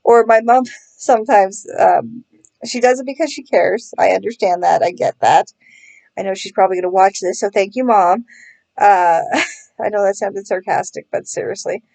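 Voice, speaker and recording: A woman's voice: medium pitch, moderate pace, creaky, mellow. A woman vlogger in casual chat, sarcastic and self-mocking, laughing often as she talks.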